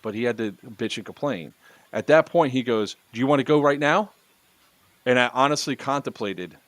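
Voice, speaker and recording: A man's voice: fairly low pitch, dry recording. A man hosting a casual podcast chat, telling a story loosely with plenty of swearing. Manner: storytelling with profanity and laughs. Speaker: podcast host.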